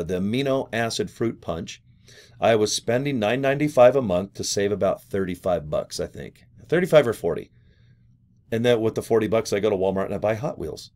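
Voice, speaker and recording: A man vlogging a loose, chummy sales pitch, talking straight to viewers about joining as an affiliate. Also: darkish tone. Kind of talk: casual pitch to camera.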